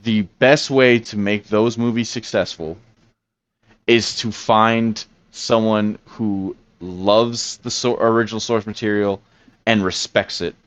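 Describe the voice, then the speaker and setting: Low-voiced man rambling in casual chat. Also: steady tone, takes it slowly, clean tone, no echo. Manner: rambling, many restarts and fillers. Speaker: podcast co-host.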